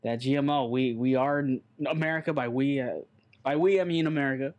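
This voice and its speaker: A man's voice: medium pitch, a little fast, darkish tone, lo-fi sound. Rambling, blunt man chatting casually. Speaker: podcast co-host. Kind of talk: casual chat.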